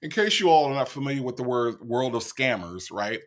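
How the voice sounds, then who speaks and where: Male host, animated reaction commentator, swings his pitch a lot. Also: brisk. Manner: animated, addresses viewers directly, laughs often.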